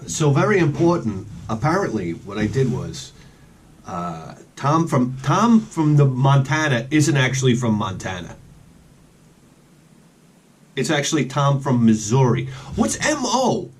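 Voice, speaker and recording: A man's voice: mid-range voice, big pitch swings, unhurried, husky. A man rambling in a casual vlog outdoors, chatting with joking asides about his collection. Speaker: collector vlogger.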